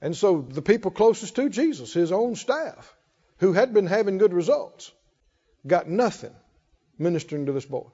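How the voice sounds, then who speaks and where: High-voiced preacher in a reverberant hall. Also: male voice, very animated, moderate pace, mellow, husky, highs cut off. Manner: folksy, calls out to the congregation. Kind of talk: sermon. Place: church hall.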